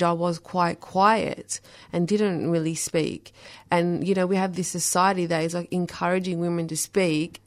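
A woman speaks in a slightly low voice as a guest on a radio interview. She sounds reflective and talks in loose, filler-laden sentences. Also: vocal fry. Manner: reflective, many fillers like "you know". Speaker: poet and author guest.

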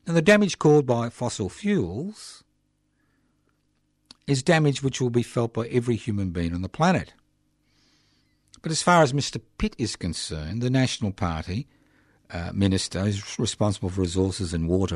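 A man's voice: on the low side, lively intonation, moderate pace, no room sound, studio quality. An older man hosting a radio show, giving passionate, indignant political commentary with mocking asides. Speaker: radio host.

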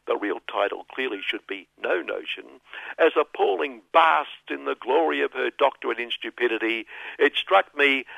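A man's voice: medium pitch, gravelly, a bit bright, dry recording. Sardonic man on dull radio. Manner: sardonic, mocking. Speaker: radio commentator. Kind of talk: satirical radio monologue. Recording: dull, dry lo-fi radio sound.

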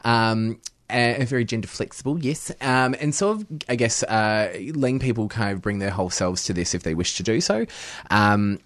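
A man's voice: on the low side, moderate pace, no echo. Upbeat giggly young man, dry sound. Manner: upbeat, giggly, many ums and likes. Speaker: guest performer. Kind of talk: radio interview.

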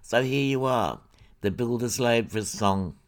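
Aussie woman at a memorial, slow unhurried talk, fond. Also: a bass voice, animated. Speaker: speaker introducing a song. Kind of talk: spoken memorial tribute.

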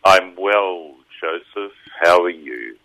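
A man in his fifties with an Australian accent, a radio guest who tells stories in an animated way. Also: low voice, slow, low-quality recording. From Rockhampton, Queensland, Australia. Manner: animated storyteller. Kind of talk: casual radio interview.

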